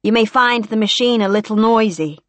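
A woman's voice: on the high side, normal speed, dry recording, voice pushed up, natural voice. Woman playing a polite, reassuring radiographer. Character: calm, polite male radiographer.

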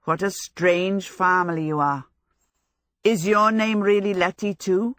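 A woman voicing a vain, glib young male wizard who talks quickly and breezily in a storybook reading. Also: mid-range voice, steady tone, a bit bright, dry recording, clean studio sound, lightly acted. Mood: teasing.

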